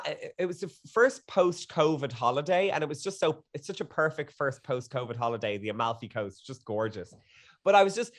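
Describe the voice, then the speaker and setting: A young man guest in a casual chat, telling stories in a gushing, excitable way. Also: mid-range voice.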